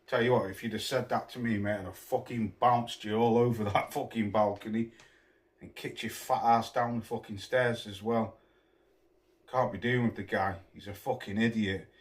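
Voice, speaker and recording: A man's voice: on the low side, fairly even intonation, moderate pace. A man ranting to camera as a boxing vlogger, scornful and full of swearing and name-calling. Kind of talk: angry rant to camera.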